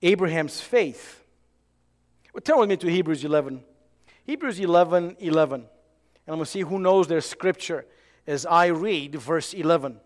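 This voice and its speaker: A man preaching a sermon in an animated way, acting out dialogue and swinging from loud to hushed. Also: on the high side, moderate pace, long pauses, big-room sound. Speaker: pastor.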